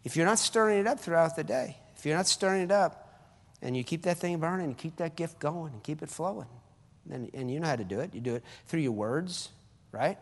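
A man preaching a sermon as pastor, his force rising and falling sharply between fervent cries and quiet asides. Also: on the high side, fairly quick, gravelly, in a large hall. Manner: preaching with sudden rises and drops in force.

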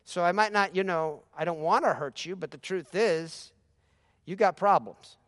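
A man preaching a sermon as pastor, moving between easy conversational talk and loud, rising exhortation. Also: sits high, normal speed, no room sound, clean studio sound.

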